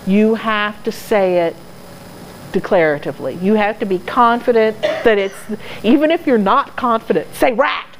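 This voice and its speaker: A woman's voice: medium pitch, normal speed, background noise. A woman answering audience questions in casual talk, earnest and explanatory, now and then laughing at herself. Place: dog training club hall.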